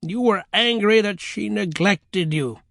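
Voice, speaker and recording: A fussy old grandmother, shrill and easily shocked, who clucks over every grim detail, as a man puts her on. Her voice rides high and the sound is close and dry. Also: a little slow, gravelly, fairly bright tone, dry recording, exaggerated voice. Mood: matter-of-fact. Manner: clucking, exclaiming.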